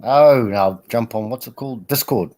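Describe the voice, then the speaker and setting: A man's voice: mid-range voice, moderate pace, a little mellow. A man, chatting casually on a group stream, protesting and laughing as he tells rambling stories. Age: 40s. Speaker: regular on a livestream chat.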